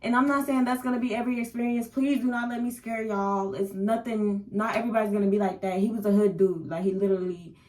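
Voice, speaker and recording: A woman's voice: mid-range voice, level tone, fast talker, hardly any pauses, darkish tone, poor audio. A young woman, telling candid, rambling stories in a casual vlog. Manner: candid, slangy, rambling storyteller with filler words. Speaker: vlogger. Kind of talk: casual story-time vlog.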